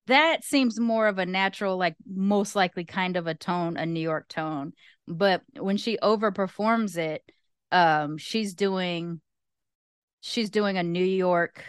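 A woman's voice: fairly low pitch, fairly bright tone, smooth, dry recording, studio quality. A woman co-hosting a podcast, arguing her point in an emphatic, opinionated casual chat. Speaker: podcast co-host.

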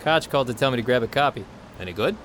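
An actor playing a cheerful, nosy actor friend who teases breezily, in an audio drama. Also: male voice, medium pitch, expressive, racing, fairly bright tone, a little hiss or hum, close to an everyday voice. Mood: teasing.

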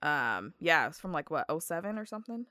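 Woman, podcast guest, lively storyteller, lowish clear voice. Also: fairly quick, dry recording, clean studio sound. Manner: animated storyteller, acts out quotes. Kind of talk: casual chat.

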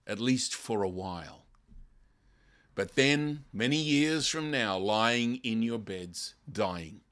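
An older man acting out a male warrior leader, shouting a passionate rallying speech to his troops. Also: medium pitch, vocal fry, voice pushed up, heavily acted.

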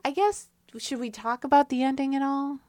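A woman's voice: high voice, steady tone, moderate pace, darkish tone, dry recording, studio quality. A woman co-hosting a casual movie review chat, musing aloud with fillers. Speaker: podcast co-host.

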